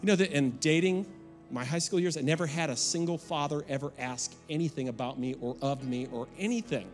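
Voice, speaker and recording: A man's voice: fairly high pitch, fairly quick, faint music behind. A middle-aged man preaching a sermon, in a folksy, emphatic way. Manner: folksy and emphatic, with rising and falling intensity. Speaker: pastor.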